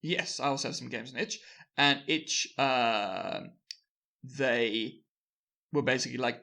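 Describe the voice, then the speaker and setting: A man co-hosting a podcast, running through news in a relaxed, rambling way and laughing easily. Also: mid-range voice, normal speed. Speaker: podcast co-host. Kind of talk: casual news chat.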